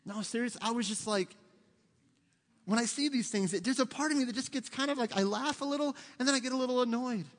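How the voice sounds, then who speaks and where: A middle-aged man, preaching a sermon in an animated, conversational way with humor and asides, in a church sanctuary. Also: extremely high pitch, fast. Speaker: pastor. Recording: long hall reverb.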